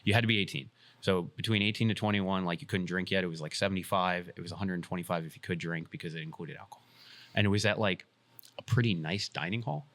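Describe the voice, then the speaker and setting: Deep-voiced man telling a story. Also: fast talker, a bit bright, no echo. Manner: swearing, laughing storyteller who acts out quotes. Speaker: podcast co-host. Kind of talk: casual storytelling chat.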